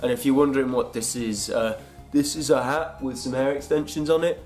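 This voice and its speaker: A man's voice: medium pitch, steady tone, brisk, over loud music. A young British man in a comic vlog monologue, chatty and sarcastic, sounding a little unwell. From United Kingdom. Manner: chatty, sarcastic, jumps into silly voices. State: unwell, congested. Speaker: comedy vlogger.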